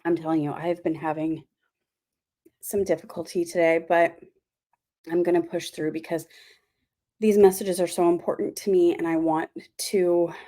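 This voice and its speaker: A woman's voice: lowish voice, level tone, normal speed, long pauses, warm tone. A woman giving a casual spiritual talk as host of her channel, rambling with many fillers and apologies.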